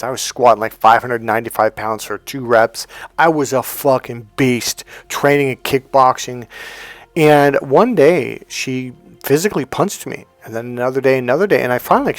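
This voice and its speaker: Middle-aged male motivational talker, lively pitch, salty language, dry close sound. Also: no echo. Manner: swings from fired-up to low and hushed, swears freely. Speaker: motivational speaker. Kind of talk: storytelling monologue.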